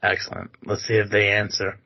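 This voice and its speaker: A man's voice: fairly low pitch, monotone, a little fast, creaky, heavy background noise. A man co-hosting a podcast in loose, rambling casual chat, swearing freely and filling gaps with "uh". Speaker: podcast co-host. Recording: dull muffled podcast audio.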